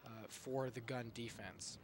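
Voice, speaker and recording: A young man adds color commentary at a school soccer game, pausing and restarting often as he talks. His voice is caught outdoors, with clear background noise from the field around him. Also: mid-range voice, fairly even intonation. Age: young adult. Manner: hesitant, many uhs and restarts. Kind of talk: live sports commentary.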